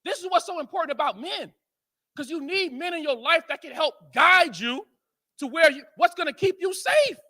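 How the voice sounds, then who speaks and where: American guy joking and telling stories to a crowd at a conference, really high sharp voice. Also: normal speed. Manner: animated and joking, questions the crowd. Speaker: speaker at a men's conference. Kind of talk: storytelling talk to a live audience.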